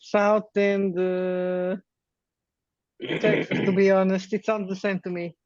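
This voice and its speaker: High-voiced man, flat delivery. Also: slow pace, clear, resonant tone, lo-fi sound. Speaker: player. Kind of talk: casual tabletop play.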